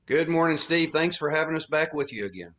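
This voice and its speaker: A man's voice: fairly high pitch, animated, fairly quick, fairly bright tone. Man from Texas, earnest guest author. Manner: earnest storytelling. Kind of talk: phone-in radio interview.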